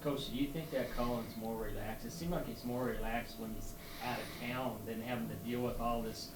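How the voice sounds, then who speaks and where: A man's voice: medium pitch, steady tone, moderate pace. A man, a reporter, asking a coach questions in a casual, conversational way at a press conference. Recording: distant, echoey room with background noise.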